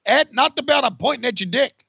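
A man doing an impression of a gruff, boastful male wrestler, shouting and blustering. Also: very high-pitched, animated, fairly quick, no room sound, dull audio, voice pushed up, full character voice.

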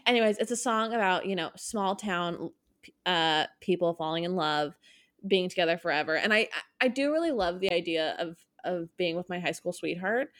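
A woman's voice: lowish voice, moderate pace, a bit bright. Rambling young woman podcast host. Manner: rambling, filler-heavy. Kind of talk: casual chat.

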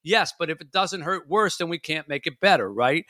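Bright-sounding guy chatting casually, acts out his inner voice, dry close mic. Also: a little high, expressive, a little fast, no echo. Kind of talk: casual chat.

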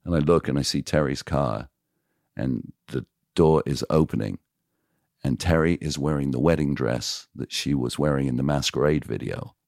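A man's voice: rumbling low, moderate pace, creaky, no room sound, studio quality. A man, a radio DJ guest on a podcast, telling frank stories and acting out the dialogue in them. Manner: animated, acts out quoted dialogue; frank, confessional. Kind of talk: casual storytelling in interview.

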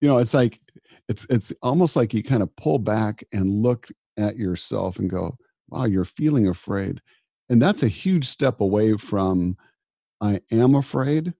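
Deep, husky-voiced man talking earnestly. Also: lively intonation, a little slow, mellow, dry recording, studio quality. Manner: earnest, repeats words when starting sentences. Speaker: disaster physician, guest. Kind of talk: reflective interview talk.

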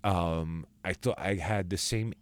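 Animated low-voiced man telling stories. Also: a little slow. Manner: animated storyteller who acts out quotes with big pitch jumps. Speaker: guest actor. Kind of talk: casual storytelling in a podcast chat.

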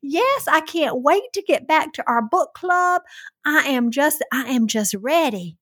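Woman doing a high squealing southern lady, gushing, middle-aged, Southern US accent, slow drawl. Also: big pitch swings, fairly bright tone, heavily acted.

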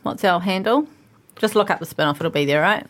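A woman's voice: lowish voice, brisk. A woman with a New Zealand accent hosting a casual reality TV podcast in a studio, laughing often. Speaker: podcast host. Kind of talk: casual chat.

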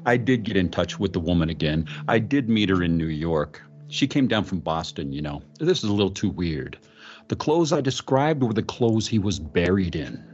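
A man doing an impression of a famous actor, retelling an eerie roadside encounter in the first person, with halting restarts and drawn-out dramatic phrases. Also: sits low, very animated, a little mellow, dull audio. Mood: spooked. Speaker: podcast host.

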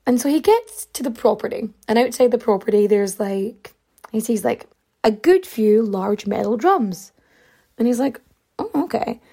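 A woman recounts an old murder case in a loose, chatty way, full of asides and filler words. Her voice sits a touch higher than most. She sounds like she is talking to friends rather than reading a script. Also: expressive, moderate pace, mellow, husky. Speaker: storyteller. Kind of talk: casual true crime storytelling.

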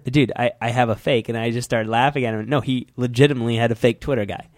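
Quick-talking male co-host. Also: medium pitch, fairly even intonation, dry recording, clean studio sound. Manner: chatty, teasing storyteller. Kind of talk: casual podcast banter. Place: studio.

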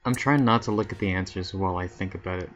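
A man's voice: deep voice, fast talker, a bit bright, lo-fi sound. A man casually chatting and joking as a podcast co-host.

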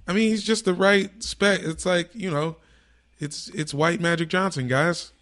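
A man co-hosting a casual sports chat with friends, joking and slangy, talking in quick bursts. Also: high-pitched, fairly bright tone. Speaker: podcast co-host.

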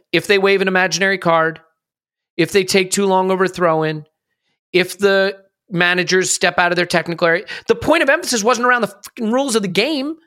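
A man's voice: on the high side, pushed and bright. A man on a football podcast, ranting with mounting emphasis in casual discussion. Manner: impassioned ranting, rising emphasis. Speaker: podcast panelist.

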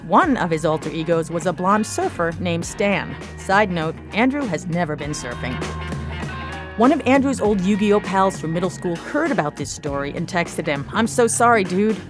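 A woman hosts a storytelling radio hour, reading calm, scripted links between stories. Her voice sits fairly low. A clear music bed plays behind her studio voice-over. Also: normal speed. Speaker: radio show host.

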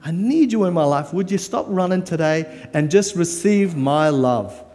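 A man's voice: on the high side, animated, normal speed, a little mellow, long reverb tail, natural voice. A man voicing God, pleading earnestly and tenderly.

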